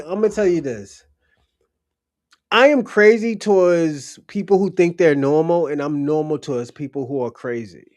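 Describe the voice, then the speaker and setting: A man's voice: on the high side, darkish tone, no echo. A young adult man hosting a livestream, chatting casually in a blunt, profane, rambling storytelling way. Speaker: livestream host.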